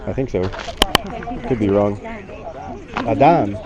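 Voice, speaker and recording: A man's voice: lowish voice, slow pace, lo-fi sound, a loud crowd. A man chatting casually while he feeds elephants outdoors, filmed on a handheld action camera, with a playful sing-song manner. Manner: playful, sing-song baby talk to animals. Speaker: tourist filming an elephant visit.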